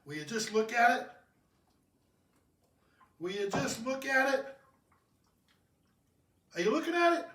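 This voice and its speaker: Loud hammy man in an echoey room. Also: extremely high pitch, sing-song, a little slow, pauses often, far from the mic. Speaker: home cocktail show host. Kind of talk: goofy home cocktail video.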